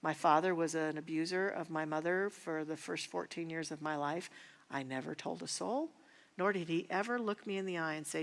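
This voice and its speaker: A woman minister teaching a spiritual class, speaking in an earnest, personal and unhurried way. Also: low-pitched, big-room sound. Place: church sanctuary.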